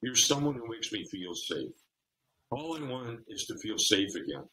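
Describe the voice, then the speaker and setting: A man's voice: mid-range voice, very animated, normal speed, sharp tone, slight background noise, rough recording. A man acting out a distraught woman who asks her partner to comfort her. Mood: pleading.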